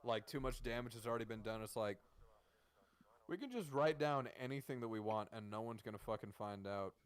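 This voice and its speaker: A man's voice: mid-range voice, expressive, brisk, smooth. Profane, incredulous man ranting. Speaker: streamer. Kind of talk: casual chat.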